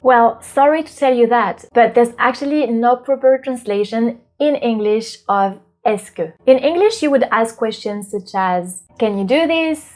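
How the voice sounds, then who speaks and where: A woman from France hosting a language lesson, explaining patiently and clearly. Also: on the high side, measured pace, few pauses, darkish tone. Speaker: French teacher and channel host. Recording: light background music.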